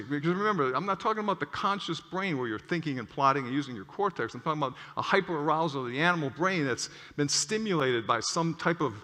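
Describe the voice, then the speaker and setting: A male clinician giving an animated lecture with stories, often checking in with "okay?". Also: fairly high pitch. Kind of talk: lecture with storytelling. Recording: long hall reverb.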